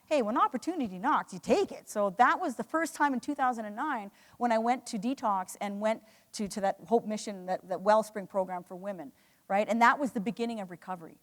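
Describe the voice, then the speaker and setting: A woman's voice: medium pitch, a little fast. Earnest woman speaking in an echoey hall. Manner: earnest, emotional storytelling with frequent restarts. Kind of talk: motivational talk to a live audience.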